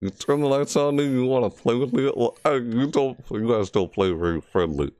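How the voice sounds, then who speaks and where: A man's voice: medium pitch, moderate pace, a little mellow, no room sound. A man commentating a horror game playthrough, frustrated and jumpy, scolding the game's characters and shrieking at scares. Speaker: gamer.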